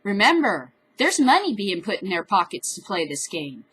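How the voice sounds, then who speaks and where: A woman's voice: mid-range voice, very animated, moderate pace, fairly bright tone, a little hiss or hum, rough recording. A woman hosting a cannabis news show, reading news stories aloud and breaking off into profane, furious, sarcastic rants. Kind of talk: reading news with angry commentary.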